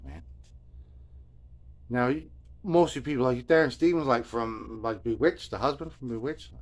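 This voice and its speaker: A man's voice: medium pitch, a bit bright. Middle-aged Jersey guy, easygoing host, drawls through a long rambling story, mid-range voice. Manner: laid-back, drawling, peppers speech with "man" and "you know what I mean". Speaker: host of a guitar video journal.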